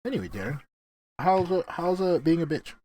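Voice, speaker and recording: Man, podcast host, casual chat, swears a lot, laughs often, lively swooping pitch. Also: brisk, a little hiss or hum. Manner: profane, excitable, laughs often. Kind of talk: casual gaming-friends chat.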